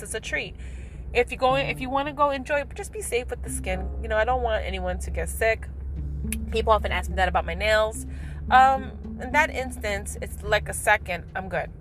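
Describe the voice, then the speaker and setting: A middle-aged woman chatting casually to camera in a vlog, talkative and laughing at herself with lively asides. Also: on the high side. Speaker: vlogger.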